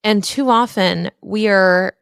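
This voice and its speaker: A woman's voice: mid-range voice, takes it slowly, gravelly, a bit bright, clean tone, no echo, studio quality. A woman in her thirties hosting a podcast, telling a personal story candidly and emphatically, with casual swearing. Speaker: podcast host.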